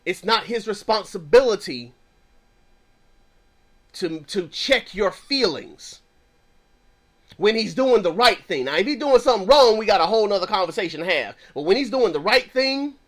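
A man's voice: sits high, sing-song, normal speed, pauses often. A man who counsels clients, teaching in an emphatic preaching style with a repetitive cadence.

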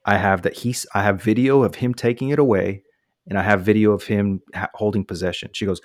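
A man's voice: fairly low pitch, a little fast, no room sound, studio quality. A man from the United States casually telling a long personal story, acting out quotes from the people involved. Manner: animated anecdote with voiced quotes.

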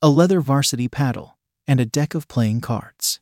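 A man narrating an intimate second-person audio story, with a stern, dominant, low growling delivery. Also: moderate pace, few pauses, a little mellow, dry recording, clean studio sound.

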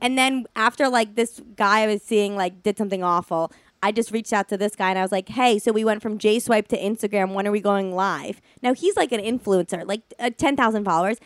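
A woman's voice: mid-range voice, fairly quick, no room sound. A woman co-hosting a podcast, telling a story in casual chat, rambling and laughing through it with lots of "like". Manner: rambling, heavy use of "like", laughs through her stories. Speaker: podcast co-host.

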